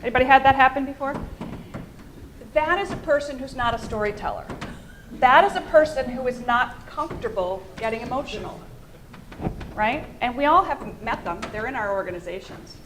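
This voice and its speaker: A woman's voice: sits high, animated, moderate pace, background noise. A middle-aged American woman giving a conference presentation, engaging her audience with questions as she speaks. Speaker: fundraising communications consultant. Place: presentation room.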